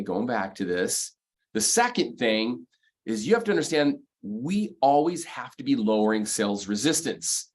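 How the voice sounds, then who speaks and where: A man giving a motivational sales lesson in an ordinary mid-range voice. He talks emphatically, hammers the same phrases again and again, and works through his advice point by point. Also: medium pitch. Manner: emphatic, repeats key phrases, counts off numbered points. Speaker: mortgage sales coach. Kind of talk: motivational sales training talk.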